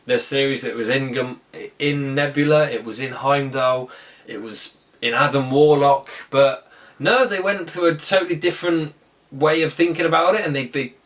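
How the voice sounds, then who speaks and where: A man's voice: medium pitch, normal speed, fairly bright tone, recorded from a distance. A man giving a casual, enthusiastic film review, rambling and often correcting himself mid-sentence. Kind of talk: casual spoken movie review.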